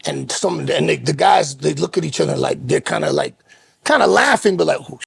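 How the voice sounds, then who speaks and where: A man with a high, gravelly voice tells a story in loose podcast chat. He slips into other people's voices as he goes. The sound is close and dry. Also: fairly quick, dry recording. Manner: animated storyteller, acts out voices. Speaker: co-host.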